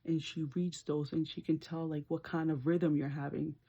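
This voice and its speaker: A slightly rough-voiced adult woman, a nurse with a beauty vlog, speaks at normal speed in dull audio. She chats casually through a story while doing her makeup, laughing, and switches to high-pitched screams during retellings.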